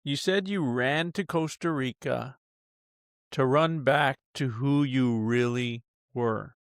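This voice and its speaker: Male podcast host, prompting interviewer, mid pitch, dry close mic. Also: slow pace, no echo. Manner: prompting, repeats phrases to draw out a story. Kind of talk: interview questions.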